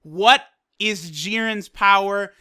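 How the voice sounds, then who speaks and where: Bright high-voiced excited man reviewing. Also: takes it slowly, clear, resonant tone. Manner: excited, profane, fan-style retelling. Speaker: anime reviewer. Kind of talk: casual episode review.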